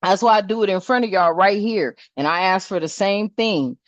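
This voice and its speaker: A woman's voice: medium pitch, normal speed, dry recording, highs cut off. An older woman, host of a spiritual vlog, talking casually in a blunt, salty way, preaching and swearing and calling her viewers "family.".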